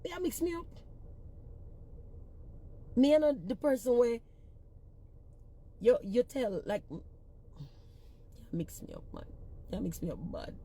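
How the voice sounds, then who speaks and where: Jamaican patois woman ranting to her followers, swears a lot, fiery and blunt, mellow tone. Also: medium pitch, very animated, a little slow, creaky, long pauses, husky. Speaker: reggae singer-songwriter. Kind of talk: casual social media rant.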